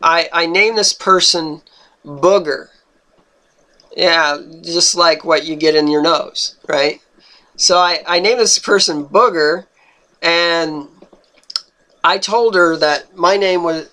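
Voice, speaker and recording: A personal story comes from a young man whose voice is notably high with a sharp tone. He talks deliberately and without hurry, earnestly searching for words and stumbling over and repeating them as he goes.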